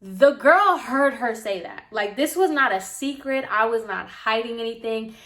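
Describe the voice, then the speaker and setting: A young woman vlogger and apprentice hairstylist telling a casual story, talking fast and loose with lots of "like", sounding exasperated. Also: fairly high pitch, lively intonation, pushed and bright. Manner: chatty, exasperated, heavy use of "like".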